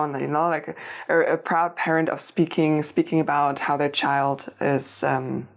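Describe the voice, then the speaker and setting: A woman giving a tarot reading, talking straight to the listener in a meandering way with restarts and gentle reassurance. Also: low-pitched, flat delivery, a little slow, vocal fry. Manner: meandering, many restarts and fillers, addresses listener directly. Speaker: tarot reader. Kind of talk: unscripted spiritual reading to camera.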